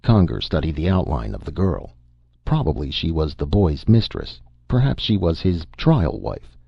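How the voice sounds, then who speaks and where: Male narrator for audio drama; deep, gravelly, lively, lo-fi. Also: moderate pace.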